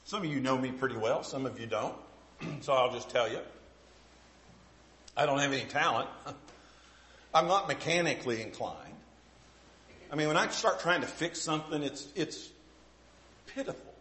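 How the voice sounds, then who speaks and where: A man's voice: medium pitch, moderate pace, long pauses, fairly bright tone. A middle-aged male pastor preaching a sermon with folksy, self-deprecating stories. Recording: echoey room.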